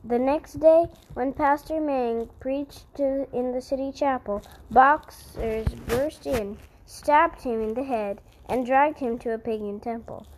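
A woman's voice: high voice, unhurried, few pauses, a little mellow, a little hiss or hum, rough recording. A woman reading a historical Christian story aloud in an earnest way, often stumbling over words and correcting herself.

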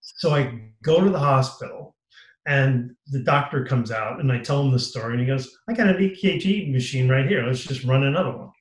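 A man's voice: mid-range voice, fairly quick. Emotional male storyteller, roomy sound. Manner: animated storyteller acting out quoted dialogue, voice rising when moved. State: tearful, emotional. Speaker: guest, author.

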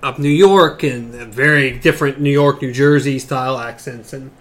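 A woman's voice: a bass voice, normal speed. A woman from the American South co-hosting a casual chat, teasing and sarcastic.

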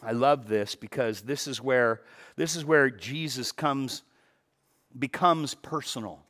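A male pastor preaching a sermon with animated delivery, dropping to hushed tones and rising to loud emphatic bursts, often repeating words for emphasis. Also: mid-range voice, takes it slowly. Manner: repeats words for emphasis, breaks into quoted dialogue.

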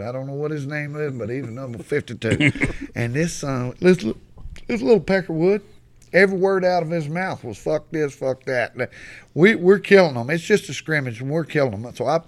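Folksy, profane storyteller. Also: male voice, mid-range voice. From west Texas. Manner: folksy, profane, animated yarn-spinner. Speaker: podcast guest. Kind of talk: storytelling in casual chat.

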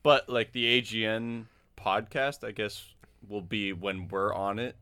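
Lower-voiced young man telling a story. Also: unhurried, smooth. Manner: animated storyteller, acts out quotes. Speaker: podcast co-host. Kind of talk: casual podcast storytelling.

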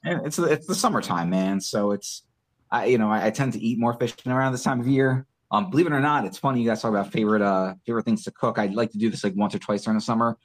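A man with a fairly low voice chats as a podcast guest, relaxed and full of fillers. He talks about food with easy enthusiasm. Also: fast talker. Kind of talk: casual chat.

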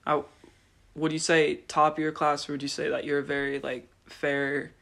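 A man's voice: on the high side, level tone, moderate pace, gravelly, a bit bright. A young man hosting a casual interview podcast, rambling with many filler words as he asks questions. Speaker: podcast host.

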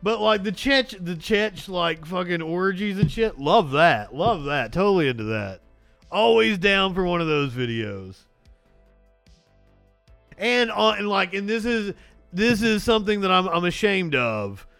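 A man's voice: sits high, sing-song, measured pace, vocal fry, a bit bright, no echo, soft background music. A man hosting a talk show from his home desk, rambling in profane, self-deprecating banter. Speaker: host. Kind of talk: crude comedic banter. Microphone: desk mic with soundboard.

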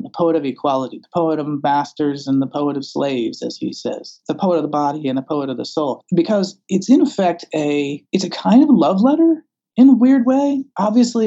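Wry, thoughtful Southern-born man with a mellow voice. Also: on the high side, muffled recording. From American South. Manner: thoughtful, wry, explains with many restarts and fillers. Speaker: interviewed scholar. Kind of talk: conversational interview.

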